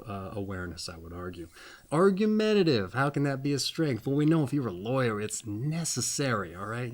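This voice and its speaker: Man, lowish voice, folksy, rambling, casual astrology talk, keeps checking in. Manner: rambling, folksy, keeps asking "all right?"; laughs at his own jokes, stumbles on words. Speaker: host. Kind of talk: casual astrology reading monologue.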